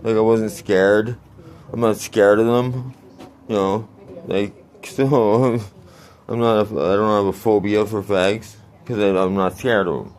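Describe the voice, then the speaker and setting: A man's voice: lowish voice, steady tone, measured pace, a little mellow. A man in his forties telling a rambling, crude story in a casual vlog, laughing often. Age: 40s. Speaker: vlogger.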